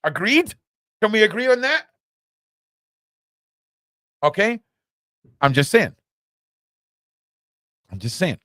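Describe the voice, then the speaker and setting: A man's voice: sits high, sing-song, slow pace, pauses often, fairly bright tone, no echo. A British man hosting a podcast from a small room at home, rambling through news commentary with lots of rhetorical questions. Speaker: podcast host.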